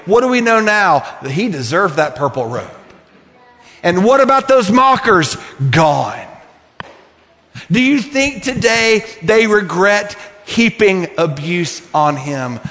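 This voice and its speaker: A male pastor preaching with a high voice, earnest and pleading as he presses one rhetorical question after another. His voice rings with a long reverb in a large church sanctuary. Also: fairly bright tone. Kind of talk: sermon.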